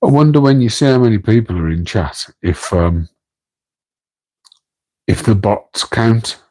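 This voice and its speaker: Voice on the low side and mellow, this Midlands man speaks at a measured pace with lively intonation during a casual late-night home stream. Beside an aquarium tank, he talks into a tripod microphone, rambling and poking fun at himself with chat viewers while staying quiet for his sleeping partner. The recording sounds rough.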